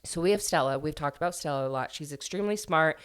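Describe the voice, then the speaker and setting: A woman's voice: low-pitched, fast talker, smooth. A young woman casually summarizing a book she reviews, chatty, with many fillers and restarts.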